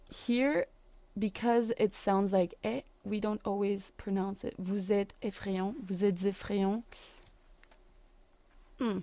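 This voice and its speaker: Young woman going thru french phrases real slow, mellow voice, dry close sound. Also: medium pitch, no room sound. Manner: slow, careful pronunciation drills. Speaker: French teacher. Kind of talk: language lesson.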